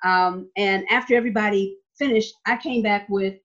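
Here a female Nevada legislator relates a story in an interview at a normal speed, with a medium pitch, a steady and fairly bright tone, and hardly any pauses. She's emphatic, repeats herself, and keeps asking "okay?". The sound is a bit dull and lo-fi.

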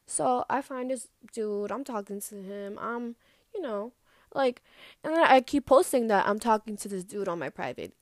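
A young woman vlogger telling a personal story in a loose, casual way, full of fillers and swearing, animated as she retells it. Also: mid-range voice, moderate pace, no room sound, clean studio sound.

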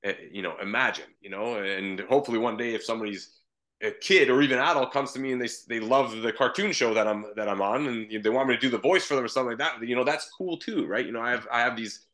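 With a mid-range, fairly bright voice and a quick pace, this Canadian comedian and voice actor chats casually in a podcast interview. He's relaxed and meandering, often restarting his sentences.

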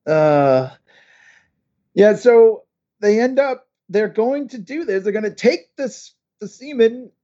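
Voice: mid-range voice, lively intonation, slow pace, dark tone, highs cut off. A podcast co-host casually recapping a TV episode, chiming in with agreement.

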